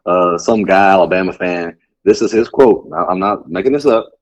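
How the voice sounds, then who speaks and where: This is a man, chatting casually as a sports show co-host. His voice sits on the lower side, and he tells stories in an animated way, acting out the quotes. He laughs easily as he talks. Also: moderate pace, dull audio. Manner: animated storyteller, acts out quotes, laughs often. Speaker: podcast co-host.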